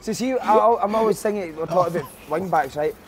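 A man's voice: high-pitched, fairly quick, slight background noise. A man hosting a casual football chat, asking teasing, probing questions. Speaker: podcast host.

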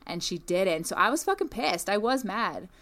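A woman's voice: mid-range voice, sing-song, moderate pace, fairly bright tone. A woman retelling a trip in casual chat, emphatic and swearing. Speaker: storyteller.

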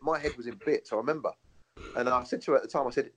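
Over crowd noise, this ex-footballer races along in a mid-range voice, cursing freely and laughing a lot as he spins stories in casual conversation.

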